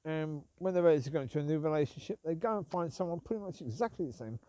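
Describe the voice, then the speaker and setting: A man's voice: on the high side, quick pace, dark tone, no room sound. A man talks casually about ministers and sin while out walking his dogs, rambling and breaking off to call to them. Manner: rambling, calls out to his dogs between points. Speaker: Christian talk vlogger. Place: outdoors on a walk.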